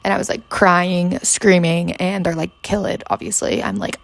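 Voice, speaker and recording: A woman's voice: lowish voice, level tone, moderate pace, creaky, dry recording. A woman in her twenties, hungover, chatting casually and rambling with lots of fillers and swearing as a podcast host. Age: 20s. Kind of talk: casual chat. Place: her bedroom.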